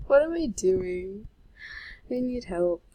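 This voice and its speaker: Speaking extremely slowly yet animatedly, this woman has a mid-range voice with a dark tone, captured in low quality. As a gaming vlogger, she talks into a handheld mic while typing and playing, rambling, trailing off, and making self-deprecating jokes.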